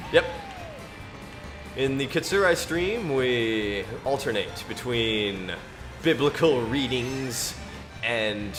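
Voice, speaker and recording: A man streaming a racing game who reads scripture in a solemn, drawn-out way between bursts of game commentary. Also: mid-range voice. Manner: slow, drawn-out mock-biblical delivery. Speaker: gaming streamer.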